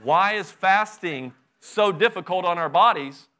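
A man's voice: high voice, a little slow, pushed and bright. A middle-aged male pastor preaching a sermon with fervent, conversational delivery, full of rhetorical questions to the congregation.

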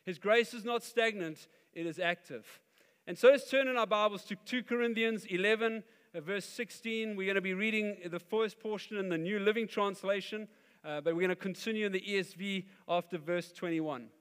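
High-voiced male preacher in a hall. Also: moderate pace, clean tone. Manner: animated preaching, acting out quoted voices. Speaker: pastor. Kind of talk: sermon. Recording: long hall reverb.

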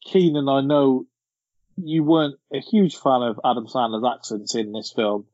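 A man's voice: medium pitch, steady tone, normal speed, a little mellow, dry recording, dull audio. A man hosting a casual film podcast, steering through the categories and laughing often. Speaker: podcast host. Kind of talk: casual chat.

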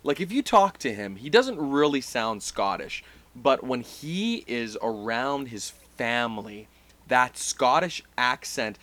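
A man's voice: medium pitch, sing-song, slow pace, fairly bright tone. A man co-hosting a casual wrestling podcast, rambling with fillers and restarts. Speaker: podcast co-host. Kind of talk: casual chat.

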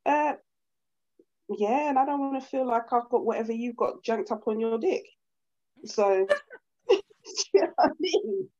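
A woman's voice: a little high, measured pace, pauses often. A woman chats in a casual podcast. She tells stories with animation and swears freely. The audio is a little dull and lo-fi. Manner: animated storyteller, swears, acts out quoted men.

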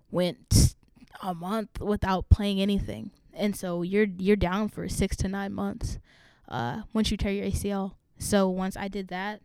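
Young woman college student, frank and open, smooth clear voice, dry close sound. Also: medium pitch, dry recording. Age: young adult. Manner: open and frank, swears freely, fast asides. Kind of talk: candid personal conversation.

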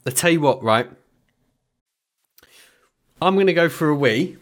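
Rambling jokey podcast co-host. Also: male voice, a little high, animated. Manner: rambling and jokey, swears freely, bursts of fast talk. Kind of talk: casual podcast banter.

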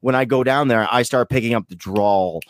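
A man's voice: mid-range voice, moderate pace, slight background noise. A man from Vermont co-hosting a podcast, talkative and joking, swearing freely in casual chat. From Vermont, USA. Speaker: podcast co-host.

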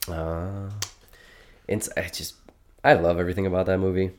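A man's voice: deep voice, level tone, normal speed. A young adult man hosting a casual movie podcast, easily amused and laughing often. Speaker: podcast co-host. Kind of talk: casual movie-ranking chat.

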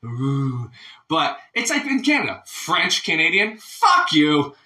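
A man co-hosting a podcast, ranting loudly in casual, profane banter and mimicking other people's voices. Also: fairly high pitch, huge pitch swings, slow pace, reverberant. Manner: loud, ranting, profane, mock-quoting others. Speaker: podcast co-host.

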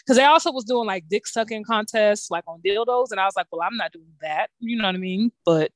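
A young woman co-hosting a casual chat, telling stories with lots of swearing and big swings in pitch. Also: a little fast, no room sound, clean studio sound. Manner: profane, animated storytelling with big pitch swings. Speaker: podcast co-host.

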